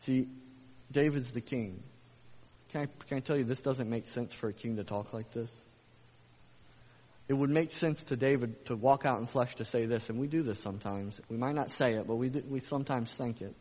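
A man's voice: medium pitch, normal speed, darkish tone. A man preaching a sermon as a pastor, emphatic, with repeated phrases and rhetorical questions. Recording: echoey hall, dull lo-fi sound.

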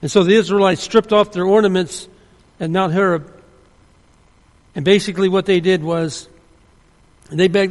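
A man's voice: high voice, fairly even intonation, normal speed, long pauses. A man preaching a sermon, earnest and emphatic, often restarting his sentences. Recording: long hall reverb.

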